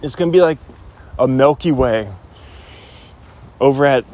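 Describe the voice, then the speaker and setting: A man's voice: mid-range voice, a little slow, a little mellow. A man rambling casually in a solo podcast while walking outdoors, with a lot of "like"s. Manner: rambling, chatty, many "like"s. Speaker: podcast host.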